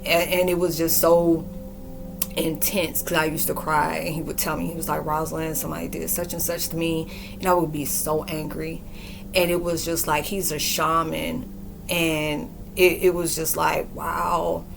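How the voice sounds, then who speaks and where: A woman in her forties giving a rambling, slangy spiritual monologue and acting out quoted dialogue in a lively way. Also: sits low, unhurried, creaky, background noise. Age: 40s. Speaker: spiritual podcaster and reader.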